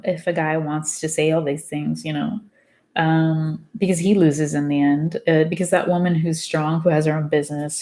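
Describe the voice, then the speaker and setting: A woman with a low, deep-set voice reads a book aloud at an easy, informal pace. She trips over words, goes back to fix them, and keeps stepping out of the text to add her own frank remarks. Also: warm tone. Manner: reads haltingly, stumbles and rereads words, breaks off into candid side comments. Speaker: book reader. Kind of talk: casual reading aloud with chatty asides.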